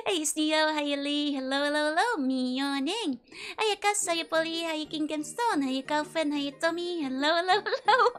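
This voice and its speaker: A young woman with a high voice chats bubbly and giggly on a live game stream, greeting viewers one after another. Her close mic sits over faint game music in the background. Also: fairly bright tone. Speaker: VTuber streamer. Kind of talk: casual live-stream chat.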